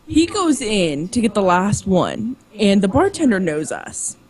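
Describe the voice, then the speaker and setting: A woman's voice: medium pitch, measured pace. A woman playing in a tabletop game who tells a story to friends in a casual chat and acts out what others said. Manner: animated storyteller acting out quotes. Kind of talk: casual anecdote among friends.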